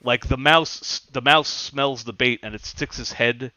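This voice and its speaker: A man's voice: mid-range voice, fairly even intonation, unhurried, bright, forceful tone, highs cut off. A man hosting a podcast, telling rambling, crude stories with frequent laughter. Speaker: podcast host. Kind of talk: casual chat.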